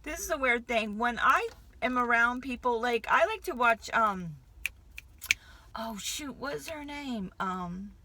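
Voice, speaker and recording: A woman's voice: on the high side, lively intonation, slow, bright, forceful tone, a little hiss or hum. A woman in her fifties from Connecticut with a light Southern drawl, chatting to camera in a rambling, hyper way that jumps from thought to thought. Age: 50s. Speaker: vlogger. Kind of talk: casual chat to camera.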